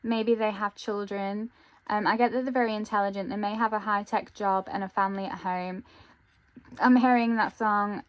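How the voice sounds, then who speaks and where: A woman giving an intuitive tarot reading, thinking aloud with frequent pauses and ums. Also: mid-range voice, steady tone, muffled recording. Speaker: tarot reader.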